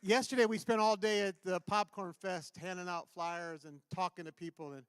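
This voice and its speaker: A man sharing an earnest, halting testimony and announcements at a church service. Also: high-pitched, fairly even intonation, clear, resonant tone, dry recording. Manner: earnest, enthusiastic, halting with restarts. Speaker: church member giving announcements. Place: church sanctuary.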